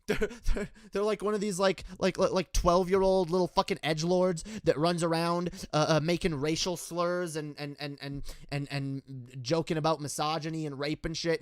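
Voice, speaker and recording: Heated, profane man ranting high-voiced. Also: no room sound. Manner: profane, heated, lots of stammered restarts. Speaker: political commentator. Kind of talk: casual ranting commentary.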